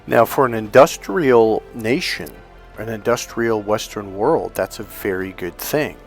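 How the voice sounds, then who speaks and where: A man's voice: lowish voice, unhurried, soft background music. A man giving a solo coaching monologue on relationships, talking emphatically and acting out what husbands and wives say to each other. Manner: emphatic, acts out quoted couples' lines.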